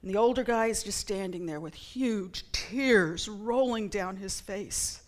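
A woman's voice: mid-range voice, unhurried. A middle-aged woman speaking to a church congregation in a chatty, self-deprecating way, with frequent ums. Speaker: church member giving a talk. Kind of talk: casual sermon talk to a congregation. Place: church sanctuary.

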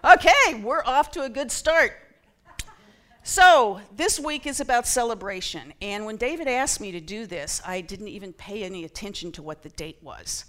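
Speaking at a moderate pace in a medium-pitched, expressive, fairly bright voice, a middle-aged woman talks to her congregation in the church sanctuary. It's a casual sermon from a church member, chatty and self-deprecating, with frequent ums.

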